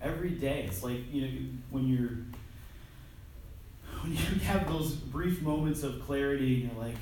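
A preacher with a mid-range, darkish voice speaks at a measured pace, delivering a loose, conversational, self-deprecating sermon and often restarting phrases. Recorded from far off in a heavily echoing hall, the sound carries a faint hiss.

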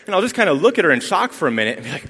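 Animated man preaching in an echoing hall. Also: on the high side, racing, breathy edge. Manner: rambling storytelling, self-deprecating humor. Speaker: lay preacher. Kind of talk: sermon. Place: church sanctuary. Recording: long reverb of a church hall.

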